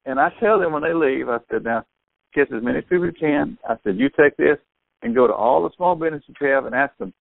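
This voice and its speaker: An older man, a store owner telling sales stories excitedly over a tinny phone line, acting out what people said. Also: fairly high pitch, fast talker, vocal fry, dry recording. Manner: excitable storyteller, acts out quotes. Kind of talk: phone conversation.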